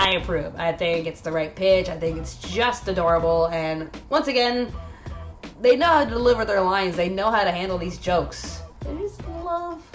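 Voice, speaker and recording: A woman hosts a casual anime review, chatting eagerly and stumbling through fillers. Her voice sits at an ordinary pitch. Faint music plays behind her. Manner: chatty, enthusiastic, full of fillers.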